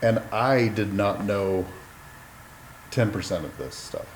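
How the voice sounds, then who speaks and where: A man in his fifties hosting a podcast, friendly and quick to laugh in casual chat. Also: fairly low pitch. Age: 50s. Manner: warm, friendly, laughs often. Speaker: podcast host. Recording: roomy sound with faint noise.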